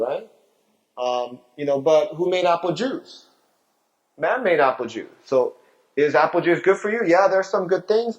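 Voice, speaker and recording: Man explaining health in dull lo-fi sound. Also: fairly high pitch. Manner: explanatory, asks rhetorical questions. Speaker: physician. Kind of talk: health talk.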